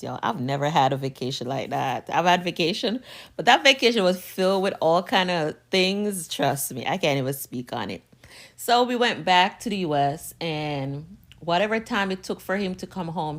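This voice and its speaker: A woman from the United States, telling a personal story to camera in a sassy, emphatic way. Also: lowish voice. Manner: sassy, emphatic, drawn-out retorts.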